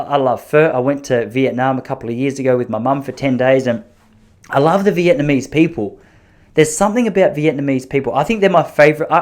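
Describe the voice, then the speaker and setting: A man hosting a podcast, telling long self-mocking stories in an animated way, with frequent restarts. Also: mid-range voice. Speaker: podcast host. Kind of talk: storytelling podcast chat.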